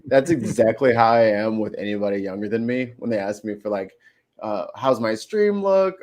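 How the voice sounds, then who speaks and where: A man joining a casual video chat as co-host, animated and joking, swearing casually. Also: lowish voice, a little fast.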